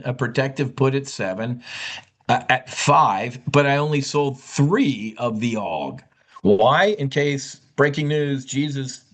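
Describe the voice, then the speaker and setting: Guy hosting a live trading webinar, blunt and animated, keeps repeating himself, average pitch. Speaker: options trading host.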